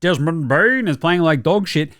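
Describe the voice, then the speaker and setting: A young man riffs through a basketball ranking, swearing often and dropping into little mock quotes. His voice sits a touch high for a man. The sound is dry and close. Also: normal speed, no echo. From Australia. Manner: profane, animated, mock-quoting players and himself. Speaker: basketball podcast host. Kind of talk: casual sports commentary.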